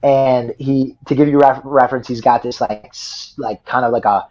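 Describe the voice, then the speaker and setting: A man's voice: medium pitch, steady tone, normal speed, darkish tone. A young man, a wrestler guest, telling a story casually and rambling, with many fillers and repeated words. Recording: dull lo-fi audio.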